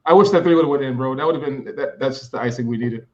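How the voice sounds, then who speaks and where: A man's voice: medium pitch, fast talker, darkish tone. A man from New Jersey, a podcast guest chatting casually and laughing often between his remarks. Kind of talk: casual chat. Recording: dull lo-fi audio.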